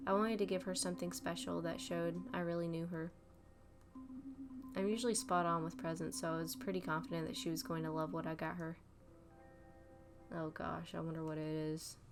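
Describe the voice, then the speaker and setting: A woman playing a story game, reading the narration aloud and adding soft, reflective asides. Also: lowish voice. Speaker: let's play gamer. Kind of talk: reading a visual novel aloud with commentary. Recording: game music clearly behind.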